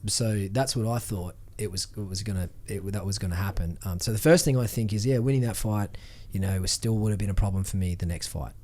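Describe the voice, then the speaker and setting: An Australian man and former fighter tells stories on a podcast in a fairly low, mellow voice, talking briskly with few pauses. The casual chat rambles, full of heavy swearing and restarts.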